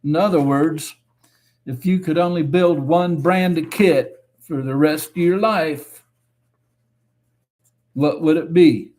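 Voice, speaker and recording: A man hosting a casual live stream, reading viewer comments aloud and answering them in a relaxed, chatty way. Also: a little high, slow pace, pauses often. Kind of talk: casual chat.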